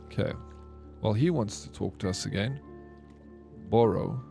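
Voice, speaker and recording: A man's voice: lowish voice, lively intonation, moderate pace, gravelly, warm tone, faint music behind. A man streaming a story game, chatting casually with his viewers in a laid-back way. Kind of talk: casual live-stream gameplay chat.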